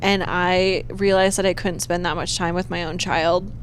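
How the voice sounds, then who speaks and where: A woman in her thirties, a teacher, chatting casually and telling stories in a drawn-out way, with a nasal voice. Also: lowish voice, level tone, a little hiss or hum. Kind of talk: casual chat.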